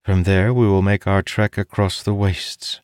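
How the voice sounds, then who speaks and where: A man voicing a female scholar who briefs a war council in a measured, explaining way. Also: low voice, level tone, a little mellow, clean tone, dry recording, studio quality, pitched above the performer's own voice.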